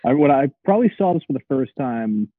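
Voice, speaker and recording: A man with a husky voice chats casually and teases dryly. He sounds tinny and phone-like, with a dry, close sound and no room around him. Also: medium pitch, lively intonation, quick pace, no room sound. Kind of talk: casual chat.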